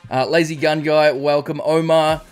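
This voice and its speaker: A man's voice: fairly high pitch, little pitch movement, moderate pace, clear, resonant tone, faint music behind. An Australian man streaming live, chatting casually, greeting viewers by name and rambling through a story.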